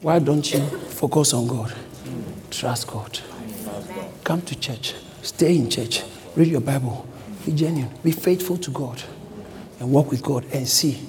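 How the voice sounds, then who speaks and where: A man preaching a sermon as pastor, repeating short urgent commands and building up to shouts. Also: mid-range voice, a little slow, long pauses. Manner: repetitive exhortation, rising to shouts. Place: church. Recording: long hall reverb, faint background noise.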